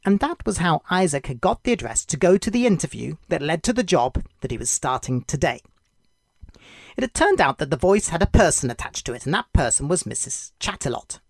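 A devotional podcast host narrating a children's story, gentle and clear. The pitch rises and falls with lively movement, and the voice sounds dry and close to the mic. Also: a little fast, no echo.

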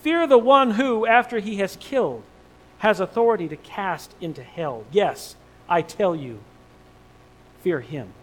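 Male pastor, high voice, sermon delivery, surges from hushed to loud emphasis. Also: expressive, a little slow, long pauses, breathy edge, rough recording. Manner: swings between hushed low lines and loud emphatic rises; preaching with emphatic repetition.

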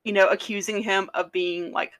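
A woman co-hosting a casual podcast, chatting about a documentary and acting out quotes in a lively way. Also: mid-range voice, moderate pace. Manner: chatty, animated, acts out quotes. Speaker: podcast co-host. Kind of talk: casual chat reviewing a documentary.

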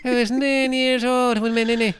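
A man doing a squeaky British fan. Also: little pitch movement, normal speed, noisy background. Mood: giddy. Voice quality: high squeaky put-on voice.

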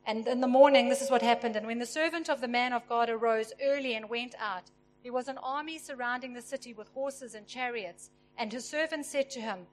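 A woman preaching a sermon, retelling a story and acting out its characters with lively emphasis. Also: high-pitched, a little fast. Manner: animated, acts out the characters with emphasis.

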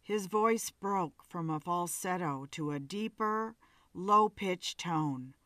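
A woman narrating a story in a measured, dramatic reading. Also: fairly low pitch, fairly bright tone, no echo.

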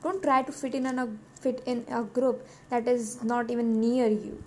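A woman's voice: a little high, little pitch movement, normal speed, hardly any pauses, a little mellow. A teenage girl talking casually to camera in a rambling, self-mocking way with lots of giggles. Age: teens. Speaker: vlogger. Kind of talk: casual vlog monologue. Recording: faint background noise.

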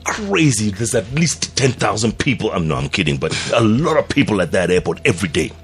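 A man's voice: on the low side, sing-song, a little fast. A male radio host telling a casual anecdote and acting out the voices of the people he quotes.

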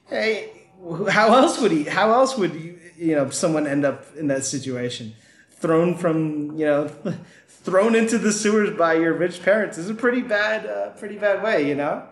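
Podcast cohost guy, kinda high voice, agreeable, trips over restarts, echoey room. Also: animated, normal speed. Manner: agreeable, backchannels a lot, stumbles on restarts. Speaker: podcast co-host. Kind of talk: casual film discussion. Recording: roomy echo.

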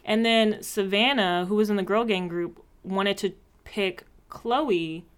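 A woman chatting casually as a co-host, recapping episodes with quick, animated asides. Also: mid-range voice, clean tone.

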